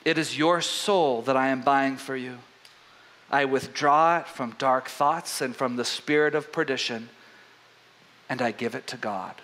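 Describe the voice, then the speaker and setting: A man voicing a kindly old bishop in a sermon retelling, gentle and forgiving in tone. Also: sits high, lively intonation, a little slow, heavily acted, poor audio. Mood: solemn.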